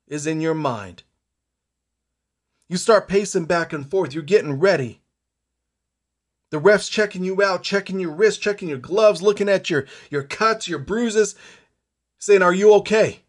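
Guy with a high voice doing an intense motivational talk, repeats lines for punch. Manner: dramatic, repetitive, second-person storytelling. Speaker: motivational speaker. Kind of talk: motivational speech.

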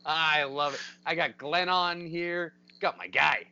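A man co-hosting a podcast in casual chat, excitable and swearing, rambling with hype, recorded remotely over a call. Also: fairly high pitch, unhurried, vocal fry, smooth, no room sound, lo-fi sound. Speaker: podcast co-host. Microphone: remote call mic.

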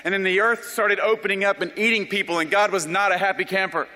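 A young man from South Carolina, telling his life story as an animated, self-deprecating testimony. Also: sits high, quick pace. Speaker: speaker giving a personal testimony. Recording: long reverb of a large hall.

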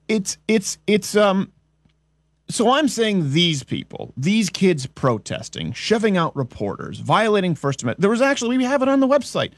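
A man's voice: high-pitched, very animated, moderate pace, dry recording. A man hosting a comedic political talk show, ranting in a sarcastic, mock-incredulous way and rambling as he goes. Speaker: podcast host.

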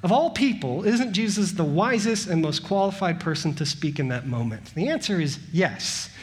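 A man's voice: high-pitched, animated, normal speed. A man in his thirties, a pastor preaching a sermon in a conversational way, asking his listeners questions and building long rhythmic lists. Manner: conversational, asks the congregation rhetorical questions.

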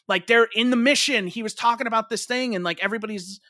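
A young man with a high, bright, ringing voice talks loosely in casual chat, stringing thoughts together with endless fillers and the odd curse word. The sound is dry and close, with no room around it. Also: fast talker, no room sound. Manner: rambling, filler-heavy, swears freely.

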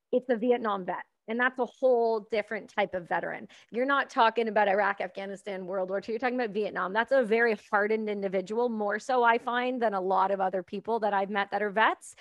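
A woman's voice: on the high side, no room sound. Give me a woman podcast host, earnest and chatty, recorded dry and close. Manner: earnest, repeats words while gathering thoughts. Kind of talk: conversational interview.

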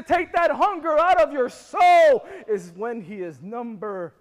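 A man with a very high voice preaches a fervent sermon, swinging between hushed lines and shouts. He calls on the congregation to answer him. His voice rings through a long reverberant hall. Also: measured pace. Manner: impassioned preaching with rising shouts and call-and-response. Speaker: pastor.

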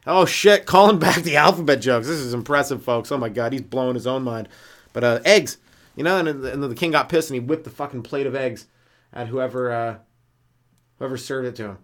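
A man's voice: a little fast, a bit bright. A man doing a loose, rambling stand-up comedy monologue on his podcast, self-mocking and jumping into silly voices, with a smoker's cough. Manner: loose and self-mocking, acts out silly characters in jumps of pitch.

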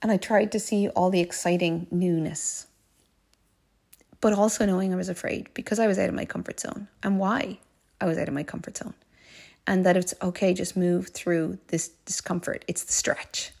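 A woman with a gravelly, fry-edged voice, talking through a personal story for her podcast. She sounds earnest and heartfelt, circling back over key phrases, and at times drops into soft, breathy asides. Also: lowish voice, steady tone, moderate pace. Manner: earnest and heartfelt, often repeating phrases for emphasis. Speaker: life coach podcast host.

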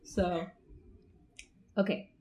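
Chatty young woman hosting a podcast. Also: drawn-out words. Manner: chatty, animated, lots of fillers. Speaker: podcast host. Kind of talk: casual chat among friends.

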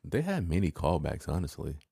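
Very deep-voiced laid-back man. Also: sing-song, brisk, gravelly, dark tone, breathy edge, no room sound, clean studio sound. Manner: laid-back, teasing, fills with "uh" and "you know". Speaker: podcast co-host. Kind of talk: casual chat.

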